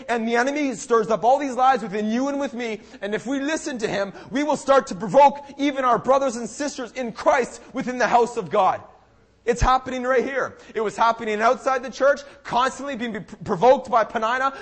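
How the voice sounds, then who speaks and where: A young man preaching a sermon, who acts out the people of the story and breaks into loud cries. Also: very high voice, fairly quick. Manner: dramatic, acts out the people in the story, bursts into shouted pleas.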